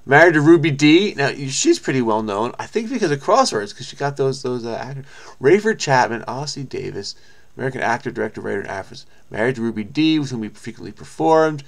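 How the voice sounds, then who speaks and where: An excitable man reads a story aloud in a middle-pitched voice, then keeps cutting in on himself. He uses quick outbursts and half-finished asides, and his reading has the running-commentary feel of a crossword host. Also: gravelly. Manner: excitable, interrupting himself with exclamations.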